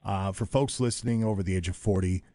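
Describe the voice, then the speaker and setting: A man's voice: low-pitched, dark tone, no echo. A man hosting a morning radio show, chatting in a jokey, rambling way from a radio studio. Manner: jokey, rambling, quick asides. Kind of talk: casual radio chat.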